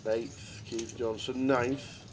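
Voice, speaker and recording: A man's voice: medium pitch, flat delivery, slow pace, noisy background. A man doing live poker commentary, chatty and jokey, with rambling asides. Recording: crowd chatter of a live card room.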